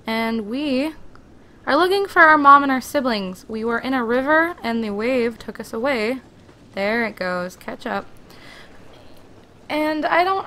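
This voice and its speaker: A woman playing a video game and commenting casually, excitable and swearing freely as she chats to the characters on screen. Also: fairly high pitch, slight background noise. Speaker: let's play gamer.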